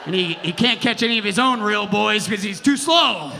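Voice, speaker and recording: A male stand-up comic works a theater crowd, brash and profane, shouting his punchlines. His voice sits high for a man. The live recording carries a long hall reverb and clear audience noise behind him. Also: animated, normal speed. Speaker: stand-up comedian. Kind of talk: stand-up comedy set. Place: theater stage.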